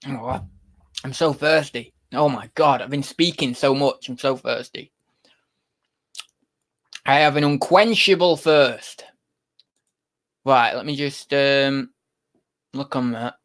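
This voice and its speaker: A young British man from the UK hosts a casual livestream, rambling to chat viewers and to his cat. He's an online reseller with a mid-range, fairly bright voice, speaking slowly and pausing often.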